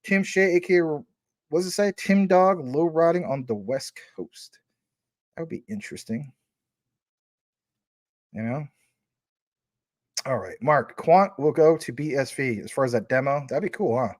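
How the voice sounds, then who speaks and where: A man's voice: on the high side, unhurried, pauses often, no echo, studio quality. A man hosting a casual livestream, reading out viewer super chats in a chatty, rambling way and giving names a playful emphasis.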